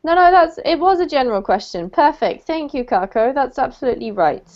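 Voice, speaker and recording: A woman's voice: high voice, lively intonation, fairly quick. A woman teacher giving patient, encouraging pronunciation feedback to a student in an online English lesson. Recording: dull lo-fi call audio.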